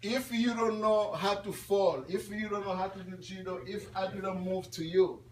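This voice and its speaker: A man in his twenties giving an animated, laughing talk to students at a school, quizzing his audience. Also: high-pitched, normal speed, a little hiss or hum. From Congo. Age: 20s. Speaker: guest speaker at a school. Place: classroom or school hall. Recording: echoey room audio from far off.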